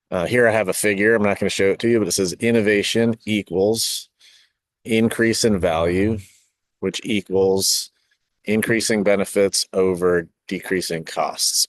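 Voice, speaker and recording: A man's voice: low voice, no echo, studio quality. A middle-aged man, a podcast host and design teacher, reading his own essay aloud in a reflective way, with asides and self-corrections.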